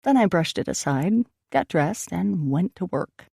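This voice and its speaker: A woman narrating an audiobook in the first person, with steady, reflective storytelling. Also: on the low side, measured pace, vocal fry, slightly rough, no echo, clean studio sound.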